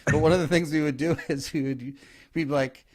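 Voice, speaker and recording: Animated male comedian telling stories. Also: a little high, a little fast. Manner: animated storyteller, laughs often. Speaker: guest comedian. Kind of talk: casual chat.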